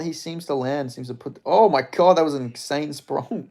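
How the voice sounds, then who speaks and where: A young man, a streamer, giving excitable, swearing commentary as he watches a live fight and chats with viewers. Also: on the high side, moderate pace, vocal fry. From Australia. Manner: excitable, swearing, chatty reactions.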